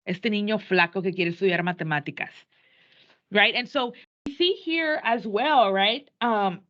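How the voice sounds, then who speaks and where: Bright-voiced bilingual woman teacher. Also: medium pitch, moderate pace. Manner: animated, switches between English and Spanish. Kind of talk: classroom lecture on a play. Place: classroom. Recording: dull lo-fi classroom recording.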